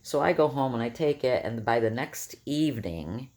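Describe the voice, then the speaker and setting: A woman in her fifties with a rough morning voice, telling a personal story to camera in a rambling, self-correcting way. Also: a bass voice, expressive, moderate pace, darkish tone. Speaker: vlogger.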